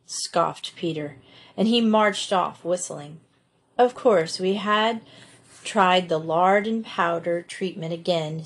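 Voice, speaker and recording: Husky-voiced woman reading a storybook. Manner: gentle storytelling, voices the children's dialogue with lifted pitch. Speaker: audiobook reader. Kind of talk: scripted narration of a classic novel.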